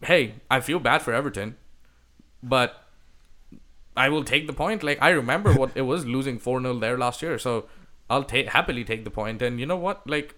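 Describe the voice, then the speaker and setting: A man's voice: medium pitch, normal speed, bright, forceful tone. Blunt, swearing man on a football podcast. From India. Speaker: podcast host. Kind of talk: casual chat.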